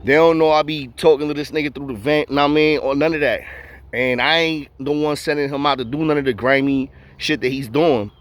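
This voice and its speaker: A man's voice: on the high side, steady tone, brisk. A man telling a story in a casual way, full of street slang and acting out the voices of the people in it.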